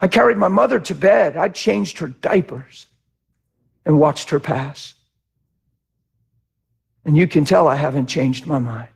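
Male pastor, high gravelly voice, preaching with passion, loud bursts then soft. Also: a little slow, long pauses. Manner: impassioned, shifts between shouting and quiet reflection. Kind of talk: sermon.

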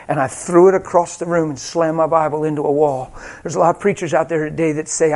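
A male preacher telling a personal story in a sermon, animated and self-mocking, acting out the quotes. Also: fairly high pitch, fast talker.

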